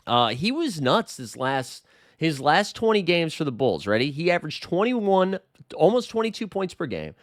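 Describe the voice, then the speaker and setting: A man's voice: mid-range voice, fairly bright tone, no room sound, clean studio sound. Rambling man hosting a sports chat. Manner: rambling, self-correcting, opinionated. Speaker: sports podcast host. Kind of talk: casual basketball talk.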